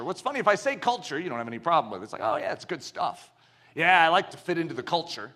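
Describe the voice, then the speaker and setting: A man preaching a sermon, telling stories with animation and building to emphatic shouts. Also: high voice. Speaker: pastor.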